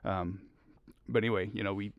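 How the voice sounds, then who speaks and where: A middle-aged man, a high school track coach, telling rambling stories as a podcast guest, laughing often. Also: fairly even intonation, a little fast, gravelly, no echo, muffled recording. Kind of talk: casual podcast conversation.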